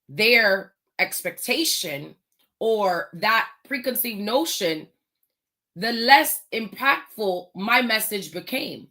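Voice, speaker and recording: A woman hosting a motivational talk, speaking slowly and emphatically and pausing on pointed rhetorical questions. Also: mid-range voice, lively intonation, pushed and bright. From United States. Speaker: host.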